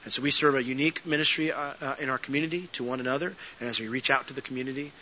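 A man pastor delivering a sermon, telling stories with lively energy and dropping to soft earnest tones. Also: mid-range voice, very fast, lo-fi sound, slight background noise. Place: church sanctuary.

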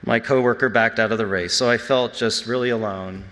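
Low-voiced guy sharing a sermon-style testimony, earnest and unhurried, long hall reverb. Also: steady tone, a bit bright. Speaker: church speaker.

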